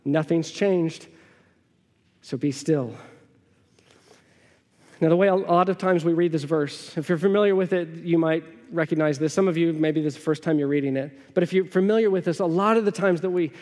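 Conversational pastor in a reverberant hall. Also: male voice, on the high side, a little mellow. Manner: conversational, storytelling, asks the room questions. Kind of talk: sermon.

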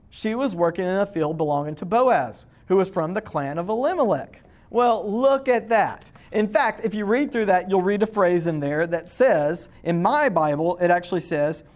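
A man delivers a sermon in a relaxed, conversational manner. He talks to the congregation directly and asks them questions as he preaches. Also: high-pitched. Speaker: pastor.

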